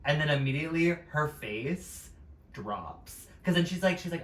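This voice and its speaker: A man with an American accent co-hosting a podcast, an excited, gossipy storyteller in casual chat. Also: mid-range voice, a little fast. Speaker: podcast co-host. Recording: echoey room, far from mic, faint noise.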